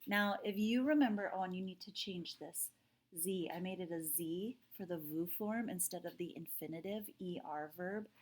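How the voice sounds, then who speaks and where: French teacher woman checking in with "okay?". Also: lowish voice. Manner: talks straight to students, often checks with "okay?"; says sounds out slowly to model them. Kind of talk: recorded classroom lesson.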